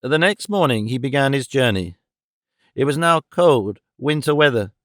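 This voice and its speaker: A man reading a classic novel aloud as an audiobook narrator, in a measured and expressive manner. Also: mid-range voice, no echo, studio quality. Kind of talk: scripted narration.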